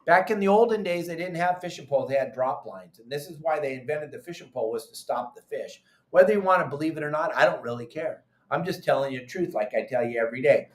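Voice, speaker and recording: A middle-aged man hosting a call-in fishing advice show, animated and emphatic, repeating his instructions. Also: fairly high pitch, fast, hardly any pauses. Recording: echoey room.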